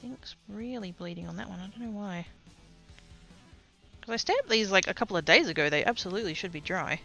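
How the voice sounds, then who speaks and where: A woman's voice: medium pitch, fairly quick, vocal fry, soft background music. Chatty Australian woman streaming while crafting. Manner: chatty, rambling, often trailing off into quiet asides. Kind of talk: casual livestream chat while crafting.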